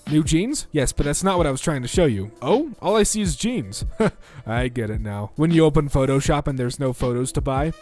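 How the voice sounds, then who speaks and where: A young man reading out internet posts for comedy, bouncing between flat deadpan and mock voices. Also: medium pitch, faint music behind. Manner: lively, quick shifts into mock voices.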